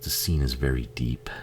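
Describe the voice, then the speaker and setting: A man's voice: very deep voice, a little hiss or hum. A man casually talking over a movie he is watching, swearing a lot, laughing often and joking at the screen. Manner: profane, laughing, jokey, talks back to the screen. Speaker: film commentary host.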